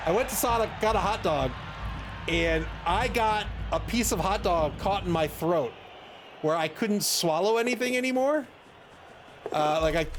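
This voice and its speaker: A chatty man with a high, lively voice tells self-mocking stories between bits of game commentary. Steady noise sits behind him. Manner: chatty, self-mocking storyteller, laughs often. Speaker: stream commentator. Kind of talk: casual game commentary and chat. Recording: audible background noise.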